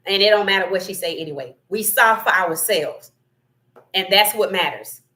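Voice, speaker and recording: A woman hosting a casual sports talk livestream, reading chat comments and giving animated, opinionated takes with frequent laughter. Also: medium pitch, moderate pace.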